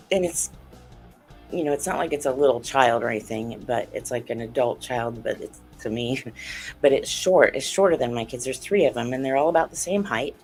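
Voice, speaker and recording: Earnest woman guest recounting an encounter. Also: very deep voice. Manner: animated, acts out quoted dialogue, earnest. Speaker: guest, author and UFO researcher. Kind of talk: interview storytelling.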